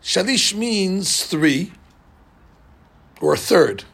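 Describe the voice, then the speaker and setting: Bible class teacher, man, high gravelly voice, animated and quizzing the class. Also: extremely slow. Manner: animated, asks the class questions. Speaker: Torah teacher.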